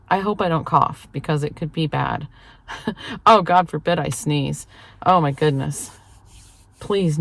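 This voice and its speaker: A middle-aged woman chatting casually in a vlog, telling stories with frequent laughter. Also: low voice. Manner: chatty, laughs often, self-deprecating storytelling. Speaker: vlogger.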